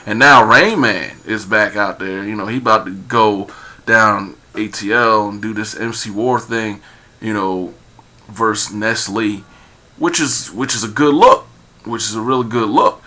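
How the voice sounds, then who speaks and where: A man's voice: on the low side, measured pace, sharp tone. A man giving a rambling casual commentary, full of fillers and repeated phrases, turning emphatic as he goes. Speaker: vlogger.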